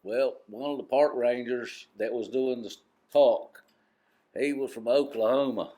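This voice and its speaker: A man's voice: medium pitch, steady tone, measured pace, warm tone. Man with a heavy island brogue. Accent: Harkers Island brogue, coastal North Carolina. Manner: rambling, self-interrupting yarn-spinner. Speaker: storyteller co-host. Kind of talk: live storytelling before an audience. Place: museum parlor talk.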